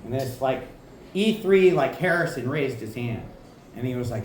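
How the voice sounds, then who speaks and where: A man's voice: mid-range voice, brisk, a little mellow, slight background noise. A man doing a stand-up set in a comedy club, talking casually and profanely, often asking "right?". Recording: echoey club room.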